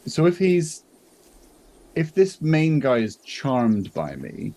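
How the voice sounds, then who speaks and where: A British man playing a cleric in an improvised tabletop game, playful and quick to laugh. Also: on the high side. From Britain. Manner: playful, laughs often, animated. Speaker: player.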